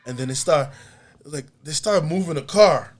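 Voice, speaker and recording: Animated man telling a travel story. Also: on the high side, moderate pace. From United States. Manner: animated, acts out other people's lines, laughs often. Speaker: podcast guest, artist and comedian. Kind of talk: casual storytelling.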